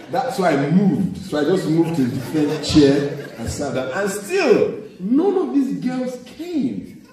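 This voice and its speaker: A man's voice: fairly high pitch, big pitch swings, unhurried, a crowd in the background. A middle-aged Nigerian man with a Nigerian accent, doing live stand-up storytelling in a big venue and acting out the voices in his anecdotes. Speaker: stand-up comedian. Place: large live venue with audience laughter. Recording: very echoey hall from far off.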